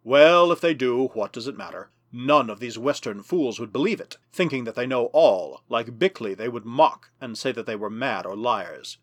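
Man reading an ancient male tyrant in an audiobook, bitter and menacing, slow and grave, pitch swinging widely. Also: animated, no room sound, natural voice. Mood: low brooding.

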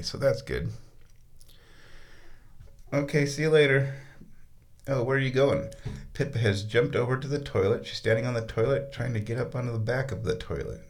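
A man in a bathtub, rambling casually and slipping into high baby-talk to his cat. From United States. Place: bathroom, sitting in a bathtub.

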